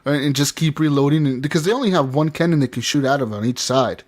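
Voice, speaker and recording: A man's voice: on the high side, fast. Swearing, laughing male podcast co-host. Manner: rambling storyteller, laughs and swears often. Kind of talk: casual chat.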